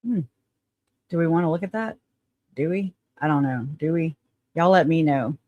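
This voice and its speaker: A woman's voice: low-pitched, lively intonation, moderate pace, narrow, tinny audio. Sarcastic woman with a Southern twang. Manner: sarcastic asides, reads with stumbles. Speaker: host. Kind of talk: casual commentary, reading articles aloud.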